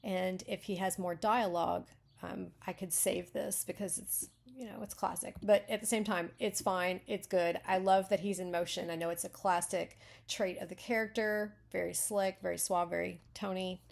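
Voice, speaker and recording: A woman's voice: on the low side, fairly even intonation, moderate pace, creaky. A woman hosting a casual writing critique, chatty and full of fillers and self-corrections. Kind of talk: casual teaching.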